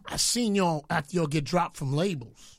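A man's voice: a little high, normal speed, no echo. A middle-aged man delivering a boastful, taunting rant aimed at rivals, mock-pleading with them to leave him alone. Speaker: radio DJ. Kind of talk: ranting commentary.

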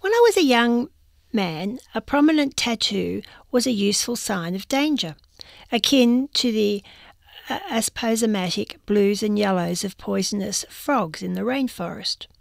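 A woman reads a humorous magazine column aloud in a wry, dry storytelling manner. Her voice has a gravelly texture, and the recording is close and dry. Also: medium pitch, expressive, unhurried, no room sound. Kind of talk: reading a first-person column aloud.

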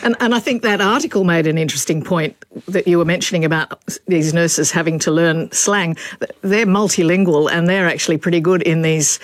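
A woman's voice: lowish voice, fairly quick, no echo. A woman co-hosting a casual chat, often chiming in with short agreements. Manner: affirming with short interjections. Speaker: co-host.

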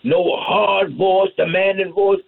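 A man's voice: high voice, flat delivery, slow, creaky. A man preaching a fervent sermon, calling out amen and hallelujah as he goes. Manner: call-and-response preaching, repeats amen and hallelujah. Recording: tinny phone-line radio broadcast.

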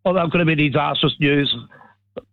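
An older man on a tinny phone line to a radio show, his voice a little higher than most men's. He speaks hesitantly, filling pauses with ums. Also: steady tone, vocal fry, no echo. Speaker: radio caller.

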